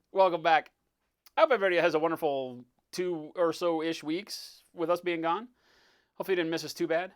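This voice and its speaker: A man's voice: on the high side, a bit bright. A man hosting a live painting stream, chatting casually, joking and greeting viewers by name. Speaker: livestream host, miniature painter.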